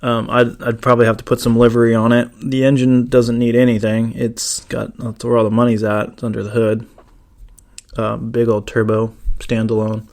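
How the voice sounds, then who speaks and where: Brief: male podcast host, casual solo chat, mid-pitched voice, loose and rambling. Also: completely flat delivery, moderate pace, darkish tone. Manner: rambling, many fillers and restarts.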